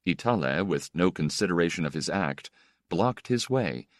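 A man reading a novel aloud as narrator, measured and expressive. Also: low voice, no room sound, studio quality. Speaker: audiobook narrator. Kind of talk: scripted narration.

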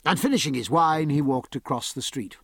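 A man narrating an audiobook in a measured, expressive storytelling manner. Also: fairly high pitch, gravelly, husky, dry recording.

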